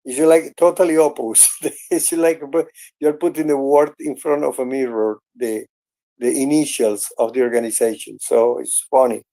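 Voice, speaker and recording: Earnest gravelly man. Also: mid-range voice, steady tone, warm tone. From Venezuela. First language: Spanish. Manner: earnest, halting, with many restarts and "I mean". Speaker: host. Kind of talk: casual chat in an online audio room.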